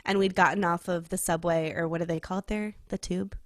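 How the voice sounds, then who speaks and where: A woman's voice: on the low side, fairly even intonation, a little fast, no room sound. Young female podcast co-host, casual and chatty, filler-heavy, dry close recording. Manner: chatty, many "like" fillers, laughs often. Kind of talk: casual chat.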